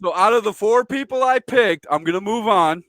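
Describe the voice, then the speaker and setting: Excitable male host, high voice, stammers and repeats himself; dry, close sound. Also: normal speed, no echo. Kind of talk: casual chat.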